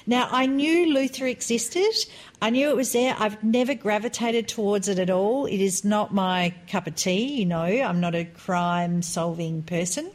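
A woman in her forties co-hosting a podcast, chatting casually and telling animated stories. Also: mid-range voice, normal speed. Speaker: podcast co-host. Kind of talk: casual chat.

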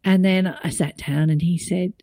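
Animated middle-aged woman telling a story. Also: on the low side, moderate pace, dry recording, clean studio sound. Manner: animated storytelling, voice rising when emotional. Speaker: podcast co-host. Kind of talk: casual chat.

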